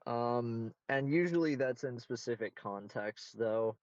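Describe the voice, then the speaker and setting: A man's voice: medium pitch, measured pace, darkish tone, no room sound, lo-fi sound. A man answering interview questions in casual conversation, candid, blunt and self-assured.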